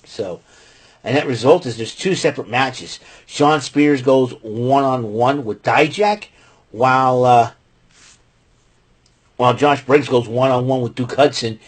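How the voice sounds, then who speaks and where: A man's voice: mid-range voice, moderate pace, slightly rough. A man casually recapping a wrestling show, rambling with many fillers and restarts. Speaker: podcast host recapping wrestling.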